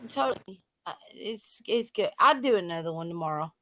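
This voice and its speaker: A woman's voice: on the low side, animated, crowd noise. A woman from Tennessee, hosting a casual late-night stream chat, bubbly and laughing often. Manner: bubbly, laughs a lot, drawn-out words. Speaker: live stream host.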